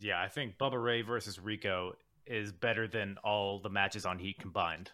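A man with a bright, tense voice co-hosts a casual wrestling review. He adds dry joking asides in a relaxed conversational way. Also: fairly low pitch, moderate pace. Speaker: podcast co-host.

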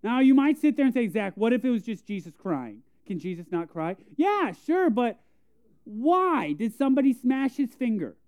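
A man's voice: extremely high pitch, very animated, moderate pace, darkish tone, smooth, no room sound. A young man preaching a conversational sermon, telling self-deprecating stories and acting out quotes. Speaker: pastor. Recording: tinny phone-like sound.

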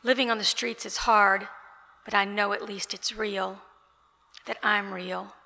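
A woman author reads her novel aloud in a steady, even voice. The voice is bright and gravelly, with very little rise and fall. The sound carries a long hall echo. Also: medium pitch, a little slow. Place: author event, indoors. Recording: reverberant event room.

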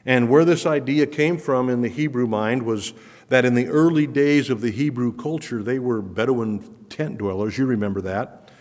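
A man's voice: medium pitch, normal speed, darkish tone. A man preaching a sermon as pastor, earnest and emphatic, with his voice swelling when he speaks of wonder and awe. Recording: long hall reverb.

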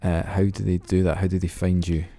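A man hosts an interview podcast, often restarting his questions. His voice is very low and gravelly, with a dark, mellow tone. It is recorded dry and close. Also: level tone, fairly quick, no room sound. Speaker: podcast host.

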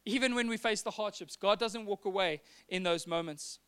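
A man's voice: high voice, normal speed, a bit bright, clear, resonant tone. A man preaching a sermon, earnest, acting out the dialogue he quotes. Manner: earnest, acts out quoted dialogue, some repeated words.

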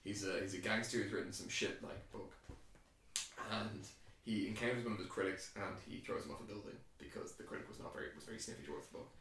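An Irish man in an easy podcast chat, sweary and animated, full of false starts. His voice is very roomy and echoey, as if the mic sits a little way off in a bare room. His pitch sits at a middling level for a man. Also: quick pace, far from the mic, a little hiss or hum. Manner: profane, animated, lots of restarts. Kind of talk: casual chat.

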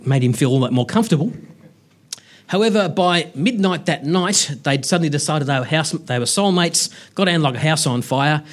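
A man giving a storytelling public science lecture, lively and humorous, with wry self-deprecating asides. His voice sits fairly high and has a slightly husky edge.

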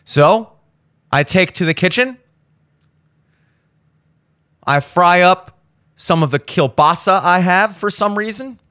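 A hungover young man hosting a podcast, talking casually and profanely, breaking into loud exasperated rants. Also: sits high, takes it slowly, pauses often, clear, resonant tone, no echo, clean studio sound. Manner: profane, ranting, swings into loud exasperated outbursts. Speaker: podcast host. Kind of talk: casual monologue.

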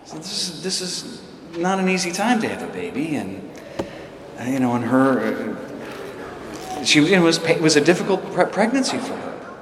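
A man's voice: on the high side, big pitch swings, normal speed. A man in his sixties preaching a sermon, telling a personal story with emphatic, fervent peaks. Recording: echoey hall with room noise.

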